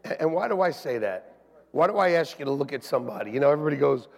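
Gravelly high-voiced preacher in a big reverberant hall. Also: male voice, very fast. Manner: animated, acts out quoted voices, swings loud and soft. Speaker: pastor. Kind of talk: lively storytelling sermon. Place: church sanctuary. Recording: long reverb in a large church hall.

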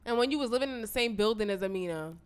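A woman's voice: a little high, expressive, very fast, clean tone. A woman co-hosting a casual chat, wry and emphatic. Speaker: podcast co-host.

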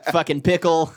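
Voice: medium pitch, a little mellow, breathy edge, no echo. A podcast co-host telling a funny story in casual chat, laughing and swearing.

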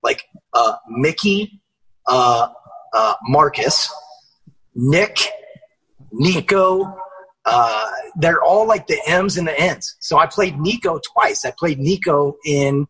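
A man's voice: fairly high pitch, expressive, slow pace, fairly bright tone, slightly rough, low-quality recording. A young man guesting on a podcast, chatting casually and energetically, swearing and using lots of fillers. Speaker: actor guest.

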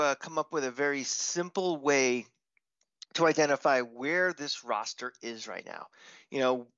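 A man's voice: mid-range voice, fairly bright tone, no echo. A man co-hosting a sports podcast in casual chat, rambling with lots of "you know", with a light Long Island accent. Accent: mixed Long Island and Florida. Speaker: podcast co-host. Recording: slightly dull lo-fi mic.

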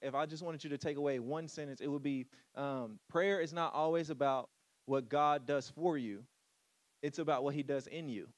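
Male pastor, casual joking sermon delivery, slightly high voice, dry close sound. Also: dry recording. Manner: casual, joking preacher voice with "come on" asides.

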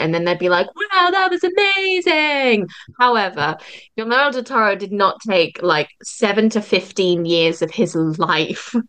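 A woman's voice: medium pitch, a bit bright. Young woman guest, effusive and emotional, laughs often, casual roundtable chatter. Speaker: podcast guest.

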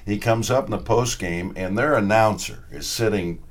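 A man telling old stories in a casual chat, acting out quotes with sudden loud bursts. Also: lowish voice, moderate pace. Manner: animated, acts out quotes with sudden loud outbursts. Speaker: former radio announcer.

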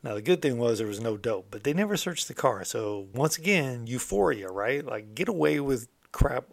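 A man's voice: mid-range voice, animated, normal speed, vocal fry, no room sound. A middle-aged American man casually recounting his past, candid and streetwise, swearing freely as a motivational host. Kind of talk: casual storytelling monologue.

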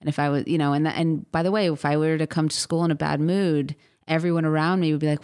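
A woman in her thirties speaks with a notably low pitch. She talks as a podcast guest in loose, rambling runs, full of fillers and restarts. She breaks into the voices of the people she quotes. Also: steady tone, quick pace, a little mellow, clear, resonant tone. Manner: chatty, many fillers and restarts, acts out quotes. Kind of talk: casual interview chat.

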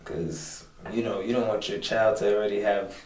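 A man's voice: on the low side, fairly even intonation, normal speed, reverberant, distant mic, low-quality recording. A man co-hosting, talking earnestly heart to heart, full of "you know" and "like.". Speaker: co-host. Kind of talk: heart-to-heart conversation.

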